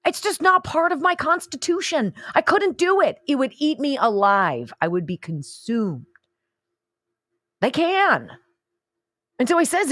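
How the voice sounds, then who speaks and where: A woman's voice: mid-range voice, sing-song, a little slow, fairly bright tone, dry recording. A woman hosting a political talk radio show, emphatic, indignant and sarcastic.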